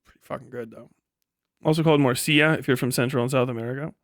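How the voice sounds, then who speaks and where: A man's voice: medium pitch, steady tone, fast, no echo, clean studio sound. A man chatting casually on a live stream, rambling and swearing often and breaking into laughs.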